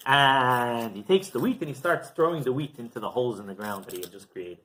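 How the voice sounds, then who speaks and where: A man's voice: medium pitch, a little fast, poor audio. A male rabbi giving a Torah class, telling stories animatedly and often checking in with "right?". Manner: animated storytelling with frequent "right?".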